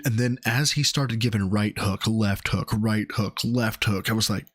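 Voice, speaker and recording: A man in casual stream chat, telling a story excitedly and swearing freely. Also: mid-range voice, moderate pace, hardly any pauses. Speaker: streamer guest.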